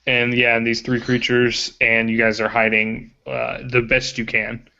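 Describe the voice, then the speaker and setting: A man's voice: medium pitch, monotone, a little slow, vocal fry, pushed and bright. Casual male game master, lo-fi sound. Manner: casual, hesitant, many fillers. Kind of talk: narrating a tabletop game. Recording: muffled lo-fi recording.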